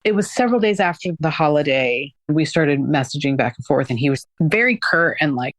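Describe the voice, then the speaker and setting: A woman's voice: low voice, very animated, brisk, few pauses, no room sound. A woman recounting a personal experience in a candid, conversational way, often using "like" and acting out what people said. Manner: conversational, frequent "like" fillers, acts out quoted dialogue. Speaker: guest recounting her experience.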